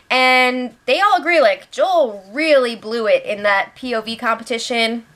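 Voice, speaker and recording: A woman's voice: a little high, a bit bright. A young woman recapping a reality show in a chatty, sarcastic way, acting out what the players said. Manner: chatty, sarcastic, retells with quoted voices. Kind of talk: casual recap commentary.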